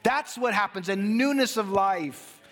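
A male pastor preaching a sermon in an animated way, acting out little dialogues and laughing as he talks. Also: sits high, unhurried.

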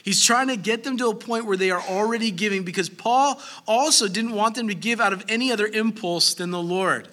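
A man in his thirties preaching a sermon as pastor, animated, breaking into acted asides. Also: high-pitched, brisk, hardly any pauses.

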